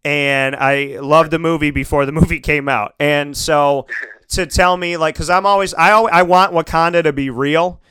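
A man's voice: on the high side, moderate pace, clean tone, no echo. A man hosting a radio talk show, telling a long personal story in a casual, rambling way with many restarts. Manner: animated, rambling, lots of restarts and fillers.

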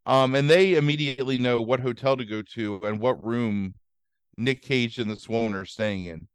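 A man's voice: medium pitch, normal speed, clear, resonant tone, no room sound, studio quality. A man hosting a podcast, casually recapping a movie plot with lots of fillers and easy swearing. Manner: rambling, fillers, swears freely. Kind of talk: casual chat.

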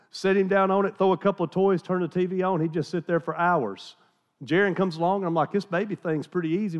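A man's voice: sits high, muffled recording. Folksy Southern-raised pastor, man. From American South. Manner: folksy, self-deprecating, chatty with many restarts. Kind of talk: storytelling sermon.

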